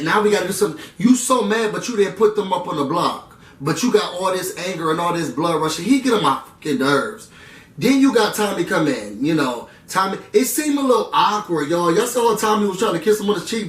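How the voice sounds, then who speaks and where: A man chatting through a casual TV recap, animated and slangy, full of asides to his viewers. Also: sits high, distant mic. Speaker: reality TV recap vlogger. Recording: roomy room sound, away from the mic.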